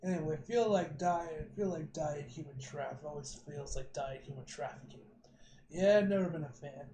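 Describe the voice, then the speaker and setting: A man's voice: on the high side, moderate pace, dark tone, slight background noise. Comic reaction host, man, loose and foul-mouthed, reads panels aloud; echoey room. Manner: profane, joking, reads dialogue aloud.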